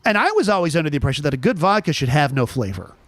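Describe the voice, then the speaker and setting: A man's voice: on the high side, racing, dry recording. A man hosting a chat show, telling a story casually with lots of restarts. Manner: animated storyteller, restarts often.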